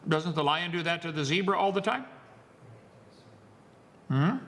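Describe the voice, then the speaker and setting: A man's voice: a little high, a little slow, fairly bright tone, in a large hall. A man giving a lecture to an audience, wisecracking, preachy and emphatic. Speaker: seminar speaker.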